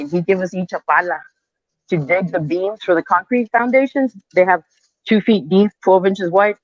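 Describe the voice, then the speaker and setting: A woman in her fifties, a construction superintendent, telling animated stories in casual chat and dropping in Spanish phrases, on earbuds over a remote call. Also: fairly low pitch, moderate pace, dry recording, highs cut off.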